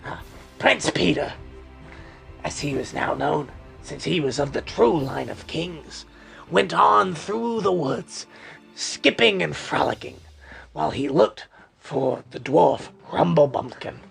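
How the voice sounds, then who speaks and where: A woman's voice: low voice, lively intonation, slow pace, vocal fry, faint music behind. A woman narrating a fantasy audio story in a playful, loose way.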